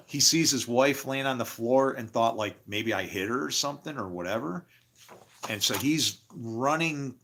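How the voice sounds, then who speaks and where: Middle-aged male storyteller, lively and loud, jumps into high voices for other people, casual and rough-spoken. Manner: animated, acts out other people's voices in a raised pitch.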